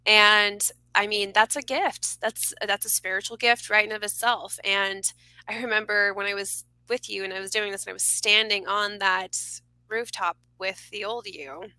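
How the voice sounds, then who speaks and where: A woman speaking as a podcast guest, earnest and expressive, laughing often as she talks about mystical experiences. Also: medium pitch, normal speed, no room sound, poor audio. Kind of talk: casual conversation.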